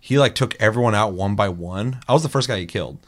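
A man's voice: lowish voice, quick pace. A young man hosting a casual chat, telling gaming stories with lots of swearing and acted-out quotes. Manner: animated storytelling, acting out quotes, swears often. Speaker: podcast host.

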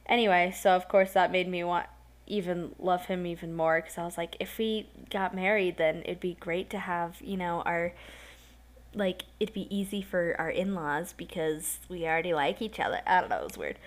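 A woman's voice: on the low side, normal speed. A tired young woman hosting her own podcast, telling a story in a rambling, self-conscious way with many giggles and fillers. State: tired, yawning. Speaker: podcast host. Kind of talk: casual solo podcast storytelling.

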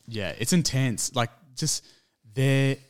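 A man's voice: medium pitch, takes it slowly. A man co-hosting a film review podcast, chatting casually and often restarting his sentences. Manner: rambling, many restarts and fillers. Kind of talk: casual chat.

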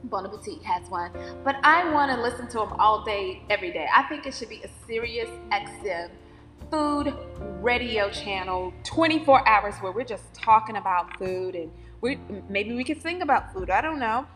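A woman's voice: mid-range voice, expressive, moderate pace, a bit bright, long reverb tail, faint music behind. A woman from North Carolina with a Southern accent, chatting emphatically and cheerfully as host of her own podcast. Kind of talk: casual solo podcast monologue.

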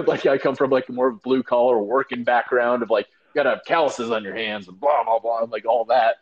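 A man's voice: mid-range voice, fairly even intonation, fairly quick, few pauses, husky, dull audio. A man co-hosting a casual chat, rambling with many fillers and acting out quotes. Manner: rambling, lots of fillers and acted-out quotes, laughing. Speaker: podcast co-host.

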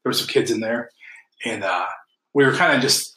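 A man's voice: mid-range voice, moderate pace, pushed and bright, reverberant, low-quality recording. A man co-hosting a casual local podcast, telling stories and laughing often. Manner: chatty storyteller, laughs often. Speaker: podcast co-host. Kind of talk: casual chat.

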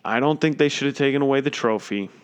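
A man's voice: medium pitch, quick pace, smooth. A man giving an opinionated, emphatic sports commentary, indignant and repeating his points.

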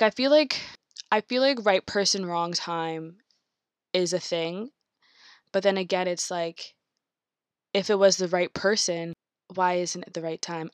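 A woman's voice: on the low side, dry recording, clean studio sound. A young woman talking casually to her viewers, rambling with many fillers and acting out inner thoughts. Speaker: vlogger.

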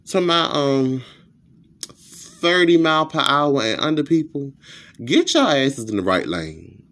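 Lively ranting man, swooping voice. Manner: animated, profane storytelling with sudden pitch jumps. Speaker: podcast host. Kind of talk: comedic rant.

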